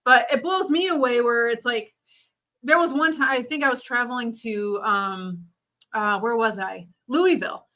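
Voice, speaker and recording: A woman's voice: on the high side, normal speed, bright, forceful tone. A woman as a guest in a casual chat, speaking frankly and swearing casually.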